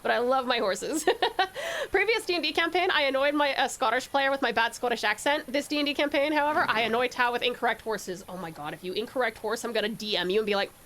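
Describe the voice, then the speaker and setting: A Tasmanian woman streams a game and chats with her viewers, bubbly and laughing often, with faint game music in the background. Her voice is fairly high, expressive, and a bit bright, and she talks fast.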